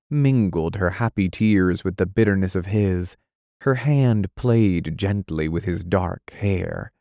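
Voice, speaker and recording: A man narrating an audiobook in a measured, dramatic reading style. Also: low-pitched, mellow, no room sound, clean studio sound.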